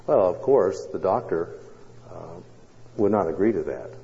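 A male pastor preaching a sermon, telling a story dramatically with long pauses. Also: low-pitched, expressive, mellow. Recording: dull sound, long hall echo.

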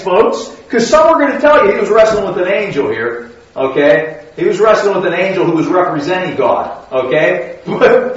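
A man's voice: high voice, sing-song, moderate pace. A man preaching a sermon in a conversational, teaching way, often putting questions to his listeners. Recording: very echoey hall, distant mic, dull sound.

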